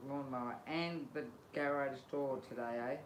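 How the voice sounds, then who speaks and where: A woman trading dry, wry asides in a relaxed chat. Her voice rings in a roomy space with steady noise behind it. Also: very deep voice, normal speed. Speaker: livestream co-host. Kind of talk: casual chat. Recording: echoey room with clear background noise.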